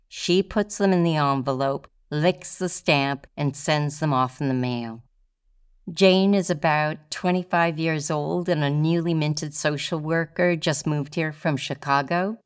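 A woman with a low, smooth, resonant voice tells her own story as a solo performance. She speaks in a measured, deliberate way, letting pauses land. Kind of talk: first-person storytelling performance.

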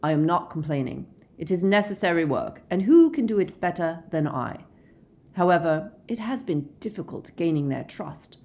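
Woman voicing a weary, gentle werewolf man. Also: on the low side, very animated. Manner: measured, gentle, reasoning. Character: calm weary middle-aged male werewolf teacher. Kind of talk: audiobook character reading.

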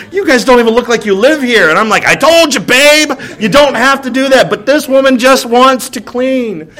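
A man's voice: extremely high pitch, a bit bright. A male pastor preaching a sermon in a church, telling humorous stories and acting out bits of dialogue, often checking in with "right?". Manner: humorous storytelling with acted-out dialogue; asks the crowd "right?" often.

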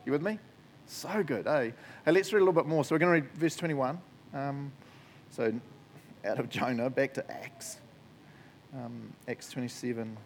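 A man's voice: medium pitch, slight background noise. A man with a New Zealand accent preaching a sermon in church, casual and chatty, often adding "eh" and laughing easily. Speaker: pastor.

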